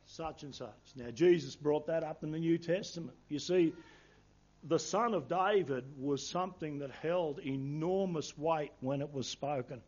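A man's voice: a little high, a little slow, dull audio. A man preaching a sermon, earnest and emphatic, quoting scripture in old-fashioned wording.

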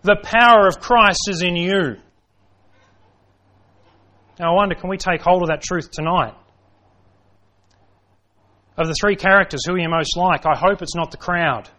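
A man's voice: high voice, normal speed, pauses often, sharp tone. A man preaching an evening sermon in a dramatic style, full of rhetorical questions, who acts out the voices he quotes. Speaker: pastor.

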